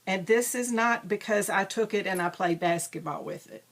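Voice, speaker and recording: A woman's voice: mid-range voice, normal speed. A woman hosting a crafting videocast, chatting casually and rambling with frequent ums and self-deprecating asides. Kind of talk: casual show-and-tell chat.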